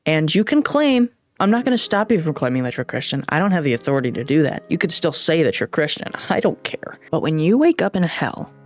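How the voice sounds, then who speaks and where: A woman delivers an off-the-cuff rant straight to camera, sarcastic and scornful, with plenty of swearing. Her delivery is blunt and heated, and soft music plays faintly underneath. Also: deep voice. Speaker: political commentary vlogger.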